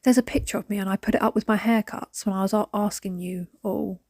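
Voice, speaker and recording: Woman, casual vlog chat, rambling, sometimes whispery, medium pitch, dry sound. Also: fairly even intonation, quick pace, no echo. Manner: chatty, rambling, drops to a soft whisper at times. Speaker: vlogger. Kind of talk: casual chat while decluttering.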